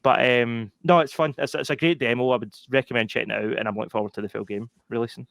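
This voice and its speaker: A man's voice: medium pitch, fairly even intonation, fast, creaky, a bit bright, no echo, clean studio sound. A man, co-hosting a gaming podcast in casual chat, laughing often and talking with lots of fillers. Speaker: podcast co-host.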